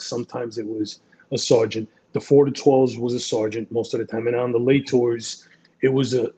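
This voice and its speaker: A man's voice: mid-range voice, mellow, poor audio. A man, a retired police detective telling rambling, profane, self-deprecating stories in a casual interview. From the Bronx, New York.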